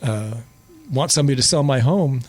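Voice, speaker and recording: An older man, a guest on a podcast, telling stories in reflective, pausing casual talk. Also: medium pitch. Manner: reflective storytelling, many pauses. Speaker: podcast guest, host's father.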